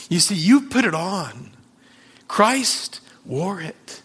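Slow, emphatic preacher man. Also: high voice, very animated, a bit bright, breathy edge. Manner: emphatic, acts out Bible scenes in changing voices; slow, deliberate delivery with dramatic pauses. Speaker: pastor. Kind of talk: sermon.

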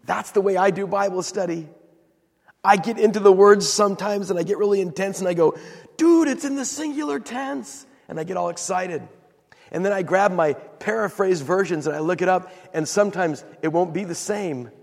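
Gravelly preacher in a reverberant hall. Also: male voice, sits high, fairly quick. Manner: animated storytelling, acting out quoted voices. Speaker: pastor. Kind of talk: sermon.

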